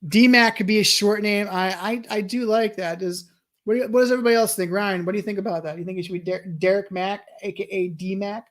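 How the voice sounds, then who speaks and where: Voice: medium pitch, steady tone, a little fast, a bit bright. A young adult streamer in casual let's-play commentary, thinking aloud and chuckling, with frequent restarts while reading chat. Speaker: streamer playing a wrestling management game.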